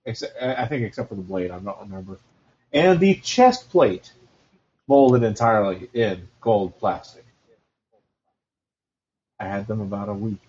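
A man's voice: on the low side, expressive, normal speed, long pauses, a little mellow. A man chatting on a podcast, telling stories with dry joking asides. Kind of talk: casual chat about retro cartoons and toys. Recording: dull lo-fi sound.

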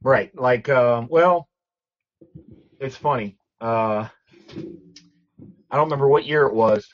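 A man on a podcast panel, telling casual stories with lively acted-out quotes. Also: mid-range voice, takes it slowly, muffled recording. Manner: animated storyteller, acts out quotes. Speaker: podcast panelist, toy dealer. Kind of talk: casual storytelling chat.

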